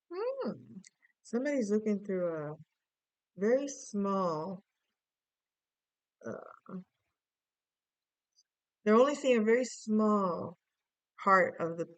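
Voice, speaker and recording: A woman's voice: mid-range voice, no echo, rough recording. A woman giving a casual tarot reading, playful and musing aloud with chatty asides. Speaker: tarot reader.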